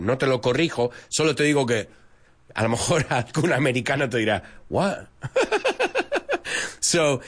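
A man teaching English who is sick with a cold, reading out learner comments, correcting mistakes and switching between English and Spanish. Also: fairly high pitch. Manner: spells out words letter by letter slowly. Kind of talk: live English lesson reading out listener comments.

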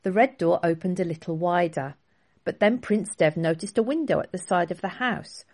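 Low-voiced woman reading a children's storybook. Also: moderate pace, a little mellow. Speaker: author reading her own book.

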